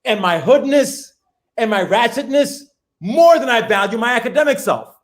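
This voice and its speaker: A man, a professor talking as a guest in a casual, animated, slangy way, laughing as he goes. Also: extremely high pitch, moderate pace. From the Bronx, New York. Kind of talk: casual conversation.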